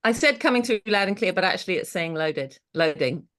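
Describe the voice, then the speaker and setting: A woman's voice: on the low side, expressive, brisk, a bit bright. A woman taking part in an online workshop, helpfully pointing out a screen-sharing problem over a video call. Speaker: workshop participant. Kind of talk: casual remarks on a video call.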